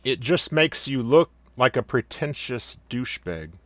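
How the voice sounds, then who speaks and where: A man's voice: mid-range voice, sing-song, a little slow, fairly bright tone, no room sound. A man delivering a scripted comedic rant in a sarcastic, mock-solemn way. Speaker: satirical commentator.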